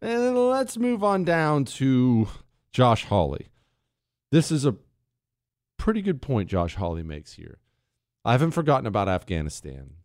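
A man's voice: medium pitch, unhurried, pauses often, no room sound, clean studio sound. A man hosting a talk radio show, mocking and opinionated, reading ads and reacting to clips. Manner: sarcastic, mocking, animated.

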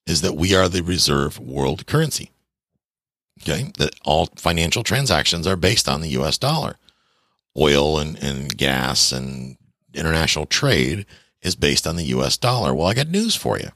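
A man with a gravelly voice, ranting to viewers about money in a blunt, sarcastic way with folksy slang. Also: very deep voice, fairly bright tone, no echo, clean studio sound. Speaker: veteran talking about money. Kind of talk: casual rant to viewers.

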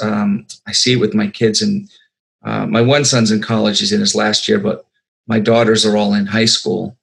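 Gravelly middle-aged filmmaker. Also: male voice, fairly low pitch, poor audio. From United States. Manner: rambling, many fillers and restarts. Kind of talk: casual interview answers.

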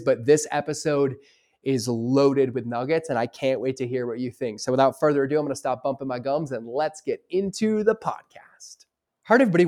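A man's voice: medium pitch, darkish tone. A man hosting a solo podcast from his home studio, talking casually in an upbeat, motivational way. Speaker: podcast host.

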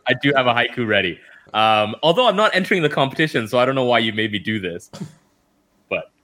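A man's voice: mid-range voice, big pitch swings, fast talker, pushed and bright. A man co-hosting a casual chat with dry, wry humor. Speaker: podcast co-host.

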